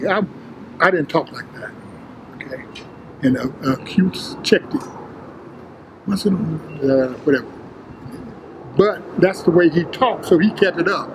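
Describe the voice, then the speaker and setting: Older man, interview guest, streetwise, profane, animated, slightly high voice, faint noise. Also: normal speed, pauses often, lo-fi sound. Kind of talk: casual storytelling.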